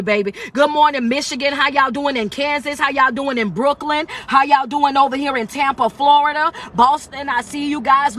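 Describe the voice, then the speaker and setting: A man with a high voice and a sharp, bright tone leads a motivational livestream, talking into his phone. He preaches in a call-and-response way and coaxes his viewers to answer. He builds up to loud, near-shouted points. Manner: rising to near-shouting emphasis. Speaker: life coach and motivational speaker. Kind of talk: live-streamed motivational talk.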